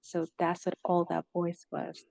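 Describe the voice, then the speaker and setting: A woman telling a personal story in a halting way, with many "like" fillers and moments where she loses her words. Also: lowish voice, completely flat delivery, vocal fry, darkish tone, no room sound. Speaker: interviewee recounting a near-death experience.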